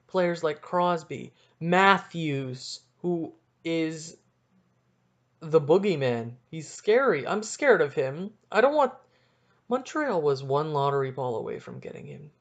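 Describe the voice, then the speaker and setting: A young man hosting a solo sports podcast, ranting excitably and cutting himself off mid-sentence. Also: a little high, slow, muffled recording. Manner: excitable, ranting, self-interrupting. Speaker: podcast host.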